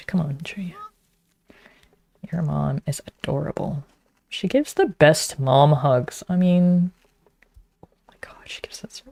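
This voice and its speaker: Woman, low voice, gravelly, chatty game streamer, teases chat. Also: mellow, dry recording. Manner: chatty, teasing viewers.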